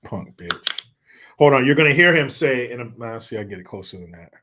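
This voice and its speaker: A man's voice: mid-range voice, expressive, a little fast, bright, forceful tone. A man hosting casual, profane commentary, sarcastic with muttered crude asides. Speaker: commentary host.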